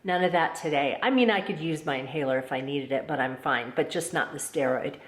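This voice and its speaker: A woman talks casually to her vlog audience in a lowish voice, rambling and restarting with plenty of fillers. The recording sounds roomy and echoey. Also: fairly quick. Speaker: vlogger. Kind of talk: casual chat to camera.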